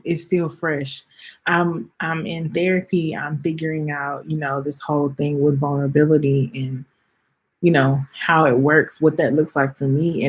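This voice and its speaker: A woman in her late twenties hosting a podcast, speaking in a heartfelt, halting way, close to tears, often repeating her phrases and talking straight to her listeners. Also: low voice, a little mellow, slightly rough. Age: late 20s. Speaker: podcast host. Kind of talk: heartfelt personal reflection.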